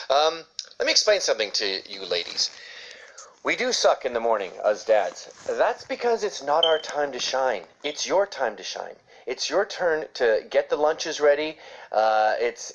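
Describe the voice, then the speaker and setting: A man, a father, giving a sarcastic, ranting comedic commentary on an article he reads aloud. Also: mid-range voice. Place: New York. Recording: dull lo-fi screen recording.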